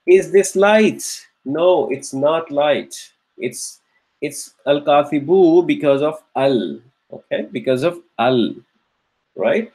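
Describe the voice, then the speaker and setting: A man with a slightly high voice runs a grammar drill for an online class. He asks each question several times over and cheers on his students by name as they answer. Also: expressive, takes it slowly, darkish tone, poor audio. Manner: patient, encouraging drill questioning. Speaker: Arabic grammar teacher. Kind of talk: live online class lecture.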